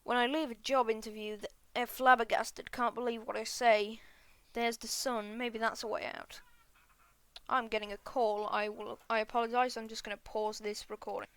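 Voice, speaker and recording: A woman reading a whole film script aloud at speed and stopping for quick, offhand apologies to her listeners. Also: on the high side, level tone, fairly bright tone, smooth, dry recording. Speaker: script reader.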